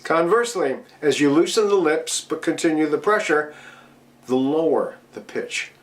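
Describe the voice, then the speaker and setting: A man's voice: on the high side, expressive, moderate pace, noisy background. A middle-aged man teaching voice technique, explaining patiently and demonstrating with his own voice. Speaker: voice coach speaking to DJs. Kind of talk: instructional talk at a virtual convention.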